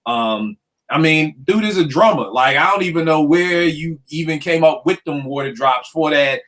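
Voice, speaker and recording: A man hosting a casual talk about hip hop beats, a producer telling stories in lively slang. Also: a little high, moderate pace. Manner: animated storytelling with slang. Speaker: podcast host. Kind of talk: casual chat.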